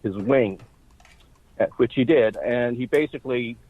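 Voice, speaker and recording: A man interviewed as a guest, recounting his personal history in a halting way, pausing and restarting his phrases. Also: mid-range voice, slightly rough. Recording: tinny phone line.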